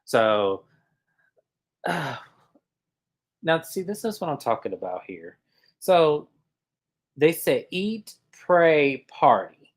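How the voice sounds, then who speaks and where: A man co-hosting a casual reality TV recap, telling the scenes in an animated way and acting out what the cast said. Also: on the high side, very slow, long pauses. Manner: animated storyteller who acts out quotes.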